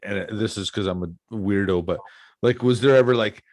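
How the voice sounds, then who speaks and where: A man's voice: on the low side, normal speed, darkish tone, dry recording, clean studio sound. A man hosting a podcast, chatting casually with blunt, joking reactions. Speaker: podcast host. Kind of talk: casual interview chat.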